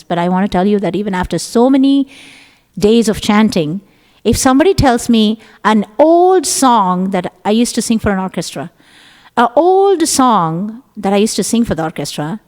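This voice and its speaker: A woman's voice: medium pitch, a little mellow. A woman giving a conversational scripture class to a temple group, sometimes acting out her own thoughts in quotes. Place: temple hall. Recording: echoey temple hall.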